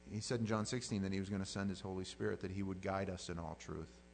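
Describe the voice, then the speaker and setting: Male pastor, low and gravelly, conversational sermon delivery over a faint mains hum. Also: fairly even intonation, quick pace, poor audio. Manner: conversational preaching with repeated words and rising emphasis.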